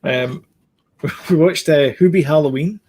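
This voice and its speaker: A man's voice: fairly high pitch, unhurried, a little mellow, slightly rough. A man co-hosting a podcast, giving blunt opinions in casual chat with many ums and restarts. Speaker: podcast co-host.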